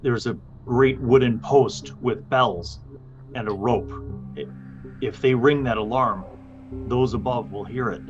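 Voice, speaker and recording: A man's voice: mid-range voice, a little slow, highs cut off, faint music behind, close to an everyday voice. A man voicing a wary, well-built human prisoner in a tabletop game, speaking hesitantly and stammering.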